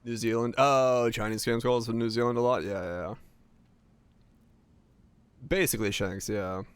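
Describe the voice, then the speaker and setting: A man's voice: mid-range voice, steady tone, moderate pace, clean tone, dry recording. A streamer from Finland with an American accent carrying slight Southern touches, rambling casually as he answers chat.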